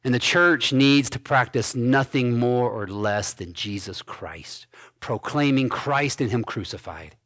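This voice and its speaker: A man pastor preaching an expository sermon, reading scripture aloud and commenting on it with emphatic stresses and quiet endings. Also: mid-range voice, measured pace. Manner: emphatic preaching, swinging between loud stresses and dropped soft endings.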